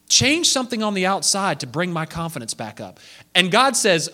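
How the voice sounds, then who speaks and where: A man delivering a sermon with a lively, swooping delivery and a bright, forceful tone. He jumps in and out of the voices of the people in his story as he preaches. His voice sits a little higher than most men's. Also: fairly quick. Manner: animated, acting out quoted voices.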